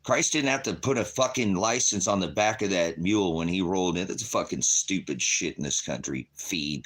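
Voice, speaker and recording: A middle-aged man giving an angry, profane rant as a vlogger, swearing constantly and breaking into shouts. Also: deep voice, lively intonation, moderate pace, few pauses, slightly rough. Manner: furious, swearing, bursts into shouting; mocks others in quoted voices.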